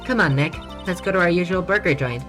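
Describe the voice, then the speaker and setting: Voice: medium pitch, fast talker, voice pushed up, close to an everyday voice. A streamer voicing a cheerful young woman sidekick from a courtroom game, in a raised, eager and friendly voice over faint game music.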